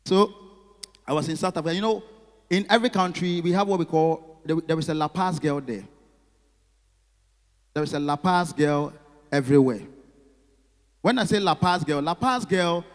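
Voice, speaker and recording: A male stand-up comedian, telling stories and chatting with the audience in an animated way. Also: fairly high pitch, normal speed, long pauses. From Ghana. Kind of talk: stand-up comedy with crowd work. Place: live comedy venue. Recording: long hall reverb.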